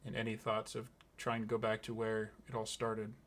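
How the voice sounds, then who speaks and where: A man, the game master, narrating a tabletop game in a slow, hushed, deliberate way. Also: on the low side, monotone.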